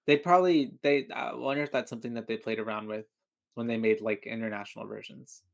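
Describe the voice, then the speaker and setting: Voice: medium pitch, fairly even intonation, fast, vocal fry. A podcast co-host wrapping up an episode in a casual, teasing, joking chat. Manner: jokey, teasing.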